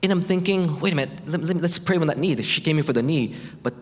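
Halting man telling a faith story, reverberant. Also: on the high side. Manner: halting, repeats words and restarts often. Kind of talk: personal faith testimony. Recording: long hall reverb.

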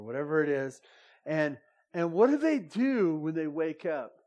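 Animated preacher man, higher voice. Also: a little slow, dull audio. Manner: animated, swings between loud emphasis and soft intimate asides. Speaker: pastor. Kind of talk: sermon.

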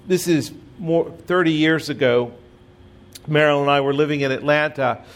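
A man's voice: fairly high pitch, steady tone, moderate pace. A middle-aged man preaching a sermon as pastor, telling stories in a conversational way with self-deprecating humor.

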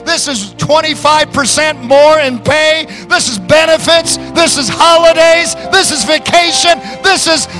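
A man's voice: extremely high pitch, measured pace, hardly any pauses, sharp tone, faint music behind, pitched above the performer's own voice, heavily acted, low-quality recording. A man, a preacher, voicing an overjoyed male churchgoer who exclaims breathlessly about his good news. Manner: breathless, rising, exclaiming in wonder.

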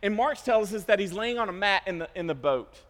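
A male pastor preaching a sermon, with animated storytelling, self-interruptions and joking asides. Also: high-pitched, a little fast. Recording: long hall reverb.

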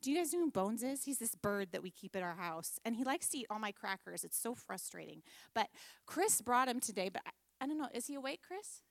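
A woman's voice: a little high, big pitch swings, brisk, gravelly, few pauses, no room sound, studio quality. Upbeat woman leading a kids' lesson. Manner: warm-hearted, upbeat teacher, leads group recitation. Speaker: children's ministry leader. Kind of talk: children's church lesson.

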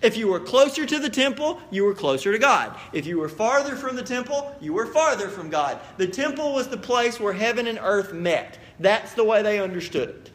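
A man preaching as the pastor of a church, earnest and direct, dropping quiet then building to emphatic appeals. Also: high-pitched, animated, moderate pace, few pauses. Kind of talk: sermon. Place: church sanctuary.

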